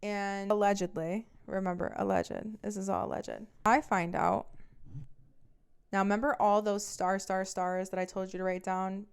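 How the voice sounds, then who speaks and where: A woman's voice: medium pitch, little pitch movement, normal speed, smooth. A young woman hosting a podcast, telling a personal story in a blunt, profane, emphatic way. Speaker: podcast host. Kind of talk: casual storytelling.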